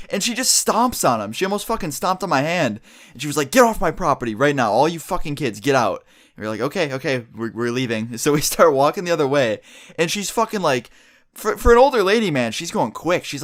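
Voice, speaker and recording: Young male vlogger, quick casual storyteller, profane and rambling. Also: mid-range voice, fairly bright tone. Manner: swearing, rambling, filler-heavy.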